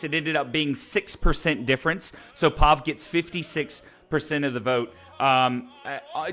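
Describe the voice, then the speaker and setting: A man's voice: mid-range voice, bright, forceful tone. A man hosting an opera web show from his hot home room, chatting to camera with enthusiasm and many restarts. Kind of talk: casual direct-to-camera talk. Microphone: camera mic with ring light.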